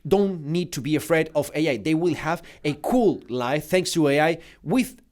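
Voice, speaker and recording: A middle-aged man whose first language is Spanish, giving a motivational conference talk in English. He swings between loud urging and hushed storytelling, with frequent restarts. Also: a little high, expressive, normal speed. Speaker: conference keynote speaker. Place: conference hall.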